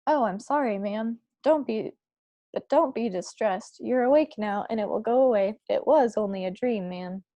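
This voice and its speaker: A woman reading aloud, voicing an anxious older maid who speaks softly and deferentially. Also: fairly high pitch, normal speed, dry recording, natural voice. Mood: fretful.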